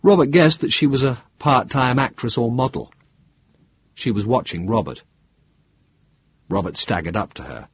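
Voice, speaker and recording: A man narrating a thriller audiobook in an expressive, lively reading. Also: medium pitch, normal speed, pauses often, a little hiss or hum. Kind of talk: scripted narration. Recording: dull lo-fi dry recording.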